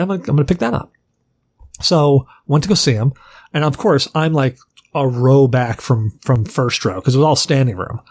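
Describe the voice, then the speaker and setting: A podcast co-host with a medium-pitched, slightly mellow voice tells a long story in casual chat. He rambles, swears freely and acts out what people said.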